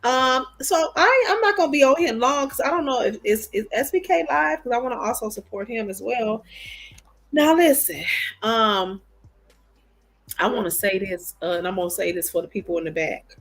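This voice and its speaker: A woman hosting a casual livestream, chatty and excitable. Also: a little high, moderate pace. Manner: chatty, excitable, drawls and laughs. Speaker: livestream host.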